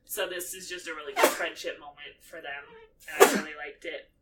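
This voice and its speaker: A woman co-hosting a podcast, casually recapping a movie and acting out the characters' lines in lively voices. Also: deep voice, a little fast, far from the mic, very noisy. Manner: animated, acts out quotes in character voices. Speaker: podcast co-host.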